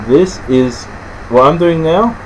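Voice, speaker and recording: An Australian man explaining things casually and unscripted, halting and rambling with many restarts and fillers. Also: fairly high pitch, animated, slight background noise, poor audio. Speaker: presenter explaining slang.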